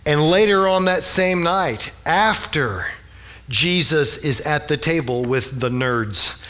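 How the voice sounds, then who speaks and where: Bright-voiced, unhurried male preacher. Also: on the high side, animated. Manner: conversational, humorous asides. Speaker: pastor. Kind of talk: sermon.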